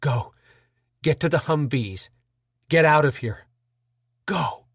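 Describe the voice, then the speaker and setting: A man voicing a wounded male sergeant who shouts frantic, desperate orders. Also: fairly high pitch, animated, slow pace, breathy edge, no room sound, studio quality, full character voice.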